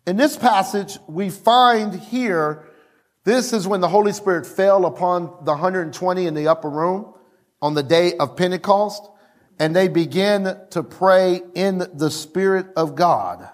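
High-voiced, unhurried male pastor preaching. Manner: preaching with exclamations, drawing out key words. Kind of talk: sermon. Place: church service.

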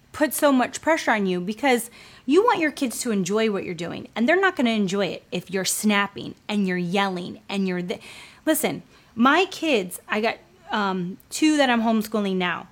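A woman's voice: mid-range voice, fairly bright tone. A woman in her thirties, a homeschooling mother, giving earnest, conversational faith-based advice with frequent fillers.

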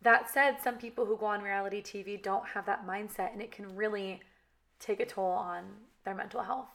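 A woman's voice: medium pitch, steady tone, normal speed, vocal fry, fairly bright tone. Young adult woman, valley girl accent, candid chatty talk to camera. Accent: Californian valley girl. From California. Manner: chatty, frequent "you know" and "like". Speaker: reality TV cast member.

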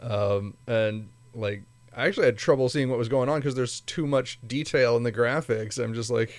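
A man's voice: mid-range voice, normal speed, dry recording. A man co-hosting a podcast, chatting casually about movies, easygoing and hesitant. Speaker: podcast co-host.

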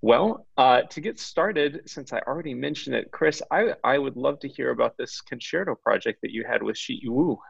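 Male podcast host, genial and steady, dry close sound, slightly muffled. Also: mid-range voice, moderate pace, vocal fry, hardly any pauses, husky, dry recording. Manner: genial, reads guest bios steadily. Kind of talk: podcast hosting. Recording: dull lo-fi audio.

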